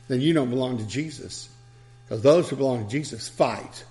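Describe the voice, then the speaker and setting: A man's voice: medium pitch, brisk, a little mellow. A man preacher delivering a sermon, telling stories with chuckles and asides.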